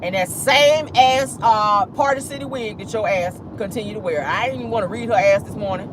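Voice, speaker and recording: A woman's voice: mid-range voice, a little fast, noisy background. A woman with an African American Vernacular English accent hosting a casual livestream, talking bluntly and sassily and laughing often. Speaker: vlog host.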